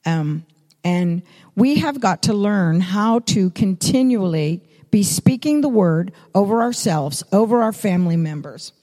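Older female preacher, unhurried storytelling sermon, long hall reverb. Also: medium pitch, lively intonation, dark tone. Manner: storytelling, repetitive emphatic phrasing.

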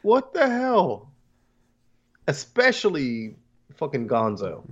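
A man's voice: on the high side, wildly swooping pitch, slow pace, slightly rough, highs cut off. A man co-hosting a podcast, reacting to a cartoon with crude jokes, swearing and laughter. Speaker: podcast co-host. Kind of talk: casual chat, crude jokes.

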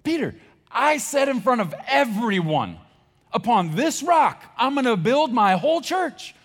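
A preacher voicing Jesus in a strained, high, shouted voice, calling out and rebuking. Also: male voice, very animated, a little slow, long reverb tail, heavily acted. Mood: reproachful. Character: Jesus calling out, then stern and reproachful.

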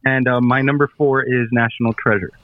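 A man's voice: mid-range voice, level tone, brisk. Enthusiastic man over a tinny line. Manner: enthusiastic, laughs while talking. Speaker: podcast co-host. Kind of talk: casual chat.

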